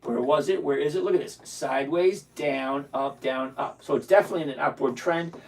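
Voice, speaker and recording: Male livestream host, middle-aged, gravelly, slightly raised pitch; blunt, animated, chatty with viewers. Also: a little fast, slight background noise. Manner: blunt and animated, thinks aloud, greets viewers by name. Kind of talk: live options-trading stream, reading viewer requests.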